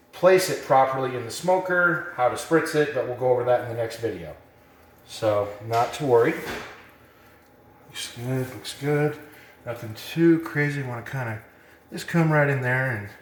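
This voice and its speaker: A man giving a casual cooking demonstration, relaxed and rambling with plenty of fillers, a bit out of breath. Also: mid-range voice, roomy sound. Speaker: cooking instructor.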